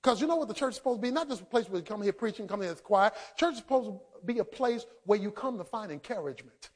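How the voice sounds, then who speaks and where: Very high-voiced man preaching, goes quiet then shouts, acts out the voices dramatically. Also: animated, fast talker. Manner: swings between quiet low asides and shouted emphasis; dramatic, acts out quoted speech. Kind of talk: sermon.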